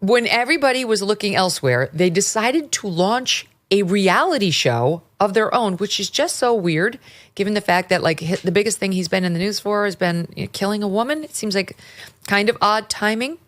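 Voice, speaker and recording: A woman's voice: medium pitch, expressive, moderate pace. A woman hosting a talk show, chatting with wry, sarcastic asides. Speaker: podcast host. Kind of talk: opinionated talk-show chat.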